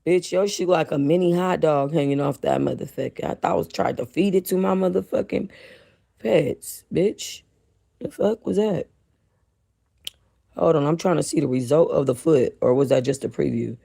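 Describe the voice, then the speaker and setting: Woman livestream host, gravelly voice, profane, laughing, tired, casual chat. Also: low-pitched, moderate pace. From North Hollywood, California. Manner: loud, profane, laughing commentary.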